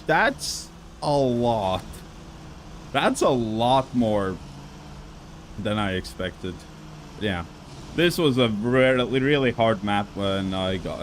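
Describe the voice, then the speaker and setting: A man's voice: fairly low pitch, slight background noise. A man casually commenting on racing game records on a live stream, rambling with many fillers and an occasional cough. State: coughing now and then.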